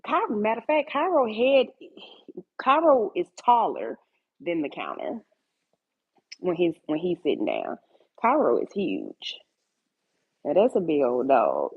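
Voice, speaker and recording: A woman with a husky, slightly breathy voice chats unhurriedly on a live stream, her pitch rising and falling a lot as she talks to viewers and coos at her dogs. The sound is thin and tinny, like a phone. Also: very animated, normal speed. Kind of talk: casual live-stream chat. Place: home kitchen at night.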